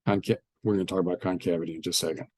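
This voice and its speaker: A man's voice: deep voice, fairly even intonation, very fast, darkish tone, no echo. A man teaching a math lesson, explaining step by step and often repeating his phrases. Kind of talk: classroom math lecture.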